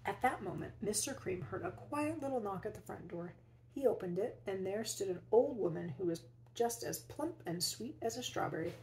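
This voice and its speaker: Woman reading a picture book aloud, slightly gravelly. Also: mid-range voice, slight background noise, low-quality recording. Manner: expressive, pausing to ask the listener questions. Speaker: teacher reading to children. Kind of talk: children's read-aloud storytelling.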